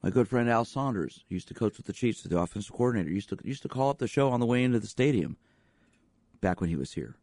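A man's voice: mid-range voice, animated, fast talker, darkish tone, dry recording. A man hosting a radio show as a sports psychologist, talking in an emphatic way with repeated rhetorical questions. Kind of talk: radio talk monologue.

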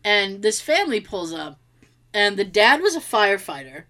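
A woman telling a story in casual chat, animated and laughing, acting out quotes and swearing freely. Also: mid-range voice, normal speed. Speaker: podcast co-host.

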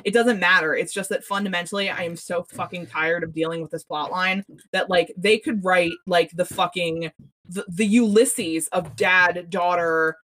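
A woman's voice: on the low side, steady tone, normal speed, a bit bright, slight background noise. A woman co-hosting a TV recap podcast, ranting with profanity and many restarts in casual chat. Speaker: podcast co-host.

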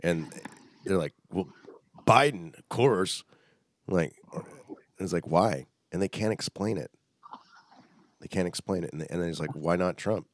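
Deep-voiced man in lively casual chat. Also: moderate pace, pauses often.

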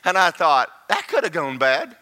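An older male preacher spins a folksy story from the pulpit, his high voice swooping up and down with lively energy. The tone is bright and forceful, breaking into laughter and climbing to shouts as he builds his point. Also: normal speed, a faint crowd, slight background noise. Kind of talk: sermon storytelling.

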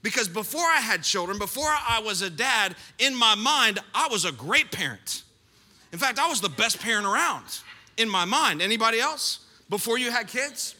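A middle-aged male pastor with a high, very bright voice delivers a sermon in a large church hall. He tells stories with animated, playful self-mockery. His voice carries a long reverb through the room. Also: moderate pace. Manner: animated storyteller, playful self-mocking asides.

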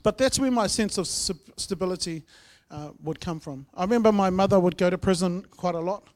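A man sharing his personal testimony in church, telling his story earnestly, with swings between loud and soft. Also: high voice, brisk. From New Zealand. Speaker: guest speaker sharing testimony.

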